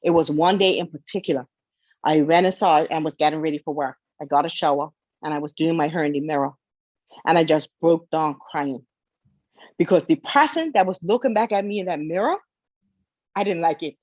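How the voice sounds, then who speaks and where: A woman's voice: low-pitched, fairly quick, darkish tone, no echo, highs cut off. A woman guest telling her own story with emotion, tearful and pleading, repeating herself for emphasis. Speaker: interview guest.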